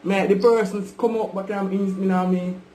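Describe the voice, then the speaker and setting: A man's voice: high voice, level tone, fairly quick, dark tone. Jamaican man pressing on a call. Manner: repetitive, pressing, keeps calling him brother. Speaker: vlogger. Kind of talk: casual confrontation on a call. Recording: echoey room with faint background noise.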